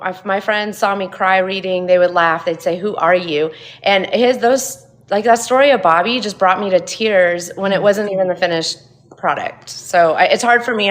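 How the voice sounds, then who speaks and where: Candid woman in her fifties, laughing easily. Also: on the low side. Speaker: guest, editor. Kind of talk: casual interview chat.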